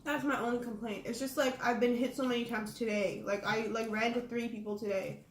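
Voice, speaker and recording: A young woman chatting casually on camera, with a talkative voice that sits a little high and laughs come easily. The room is echoey, with a faint hiss behind her. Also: fairly quick. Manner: chatty, laughs often, animated when complaining. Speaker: vlogger. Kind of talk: casual chat.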